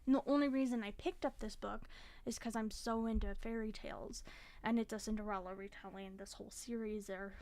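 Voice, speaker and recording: Talking casually about what she's been reading, a young woman vlogs in a mid-range, steady, slightly mellow voice at a fairly quick pace. She's chatty and frank, and swears occasionally when frustrated.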